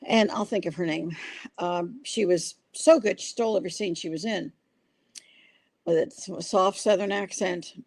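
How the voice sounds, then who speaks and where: A woman's voice: fairly low pitch, normal speed, a little mellow, dry recording. An older woman hosting a podcast, telling stories in an earnest, rambling way with restarts. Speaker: podcast host. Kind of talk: casual podcast conversation.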